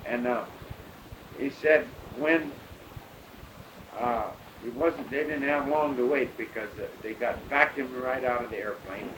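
An older man, a pilot, recounting his past in a rambling, halting way full of fillers. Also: medium pitch. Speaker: bush pilot telling his story. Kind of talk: oral history storytelling. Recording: noisy recording.

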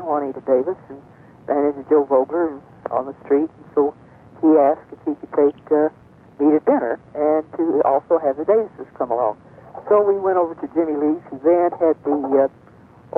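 Older woman reminiscing over a tinny line. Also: low voice. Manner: rambling storyteller, many fillers. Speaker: radio guest. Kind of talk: reminiscing on a call-in radio show. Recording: tinny phone-line sound.

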